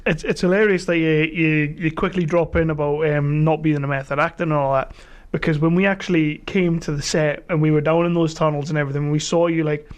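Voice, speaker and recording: A man's voice: on the high side, steady tone, a little fast, clean tone. A man hosting a podcast, asking enthusiastic, rambling questions in casual chat. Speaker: podcast host.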